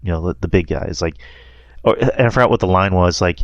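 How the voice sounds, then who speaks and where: A man's voice: sits low, quick pace, dry recording. A man hosting a casual movie review chat, rambling and laughing often. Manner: rambling, laughs often, quotes lines in a mocking voice. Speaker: podcast host.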